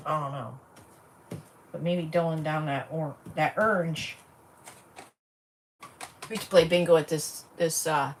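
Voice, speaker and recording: On a livestream, a woman with a low voice chats casually and thinks out loud while working on a craft project. She's set back from the mic, recorded at a distance with some faint noise.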